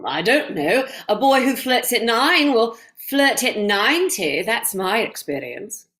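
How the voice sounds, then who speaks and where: A motherly older aunt who comforts the bride, read by a woman in a play reading. Her voice is high and lively and knowing. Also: measured pace. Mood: soothing. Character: older aunt, motherly, lends her 1820 wedding dress.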